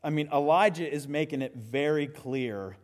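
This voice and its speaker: A man preaching a sermon as pastor, lively and conversational, with quick asides and frequent restarts. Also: fairly high pitch, in a large hall.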